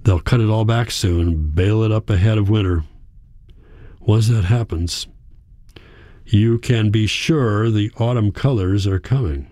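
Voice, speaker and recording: A man narrates a literary story in the first person, his delivery quiet and measured. His voice sits low and has a warm, mellow tone. The recording is close and dry, with no room sound. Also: no echo. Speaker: audiobook narrator.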